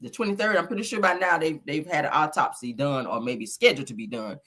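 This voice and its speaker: A man hosting a gossip commentary show, talking with dramatic exclamations and animated reactions. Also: a little high, fast talker.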